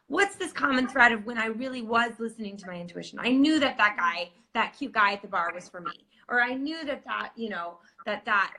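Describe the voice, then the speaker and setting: Bright, chatty woman coach. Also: high voice, husky. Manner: chatty, acts out her inner voices with little quoted asides. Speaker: intuition coach. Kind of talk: casual podcast conversation.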